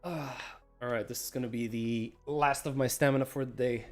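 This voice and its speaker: A man's voice: medium pitch, steady tone, normal speed, darkish tone, faint music behind. A man streaming a game, chatting casually, greeting viewers by name and snacking as he talks. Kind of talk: casual livestream chat.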